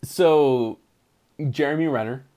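A young man co-hosting a casual movie podcast, excited and rambling, laughing often. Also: medium pitch, slow. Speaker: podcast co-host.

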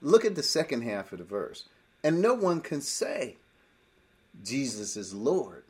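A man's voice: mid-range voice, very animated, a little slow, slightly rough. Emphatic man teaching a Bible study. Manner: emphatic, rhetorical questions, swings between loud and quiet. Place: group call with listeners on phones.

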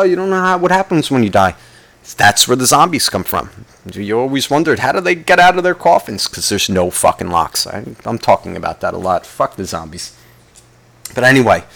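A man's voice: mid-range voice, gravelly, a bit bright. Rambling, swearing man ranting. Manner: rambling, heavy swearing, asks himself questions. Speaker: podcast host. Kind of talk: casual comedic rant.

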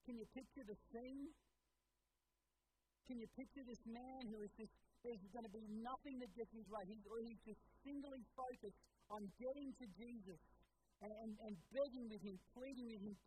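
An earnest pastor delivers a sermon and addresses the listeners directly. They often pause to ask the congregation rhetorical questions. A faint background hiss sits under the voice. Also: medium pitch, dark tone, poor audio.

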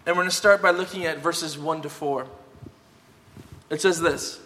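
A man's voice: fairly high pitch, steady tone, moderate pace, sharp tone. Emphatic male preacher in a reverberant hall. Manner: conversational, emphatic, tag questions. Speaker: pastor. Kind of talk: sermon.

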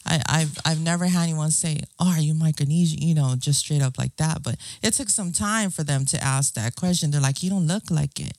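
A woman's voice: low-pitched, fairly quick, few pauses, a little mellow, no room sound. A middle-aged woman from Guam, talking earnestly in a casual interview and often asking "you know what I'm saying". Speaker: guest.

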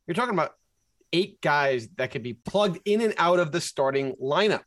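A man's voice: fairly high pitch, animated, normal speed, fairly bright tone, dry recording. A man co-hosting a casual sports podcast, animatedly walking through game sequences. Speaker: podcast co-host.

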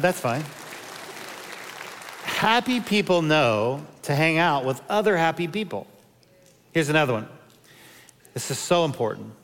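A pastor in his fifties delivers a sermon full of funny personal anecdotes. His voice sits a little higher than most men's. The sound carries the long reverb of a big church hall. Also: a bit bright. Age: 50s. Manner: humorous storytelling with personal anecdotes.

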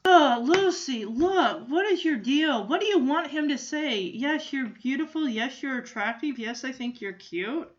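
A woman's voice: a little high, lively intonation, measured pace, few pauses, highs cut off. A woman doing Charlie Brown, fed up. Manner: frustrated, pleading. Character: exasperated cartoon boy director, put-upon.

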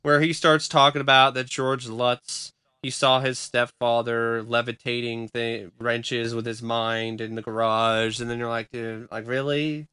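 A man's voice: mid-range voice, completely flat delivery, measured pace, pushed and bright, clear, resonant tone, dry recording, studio quality. A man co-hosting a casual podcast, candid and profane, with frequent restarts. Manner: candid, swearing, many restarts. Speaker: podcast co-host.

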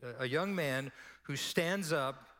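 Bright-voiced pastor in a reverberant hall. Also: male voice, mid-range voice, takes it slowly. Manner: animated storyteller acting out dialogue. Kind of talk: sermon storytelling.

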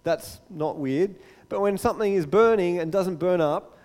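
A man preaching a sermon as a pastor, telling the story in a lively way and acting out the scenes. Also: high voice, moderate pace, big-room sound. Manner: animated storytelling, acts out the scene.

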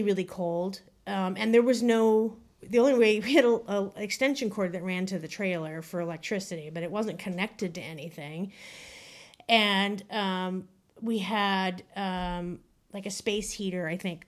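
A woman telling a personal story on a podcast in a casual, chatty way, with many fillers and building suspense. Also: medium pitch.

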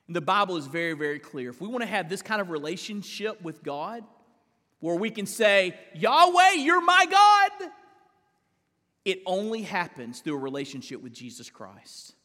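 A male pastor preaching a live sermon in a church, emphatic, with big swings in pitch and drawn-out stressed words. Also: animated, pushed and bright, big-room sound. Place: large church sanctuary.

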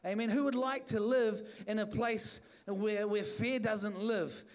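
Male NZ preacher, high-pitched, fervent and repetitive, church sermon. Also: fairly even intonation, a little slow. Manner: fervent, repetitive exhortation with restarts. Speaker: pastor.

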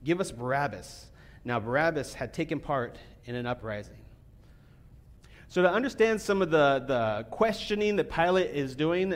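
A man giving a sermon as a pastor, talking casually with fillers and restarts, then reading scripture more quietly. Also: high voice. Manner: conversational preaching with fillers, reads scripture quietly.

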